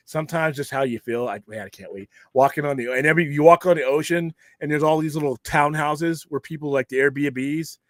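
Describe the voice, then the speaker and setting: A man's voice: fairly high pitch, dry recording, studio quality. A man from Southern California hosting a casual live stream, talking in a rambling, jokey way with plenty of swearing and restarts. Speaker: streamer host.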